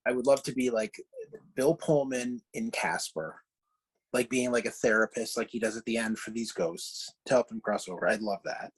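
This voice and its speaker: A man hosting a casual chat over a video call from home, rambling with halting restarts. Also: mid-range voice, slightly rough, rough recording. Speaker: podcast host. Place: home, downstairs.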